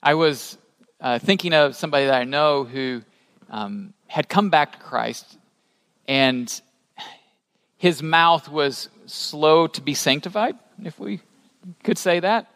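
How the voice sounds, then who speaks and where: A man preaching a sermon as a pastor, animated and rising to emphatic peaks, asking the congregation questions. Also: a little high, takes it slowly, pauses often. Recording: long hall reverb.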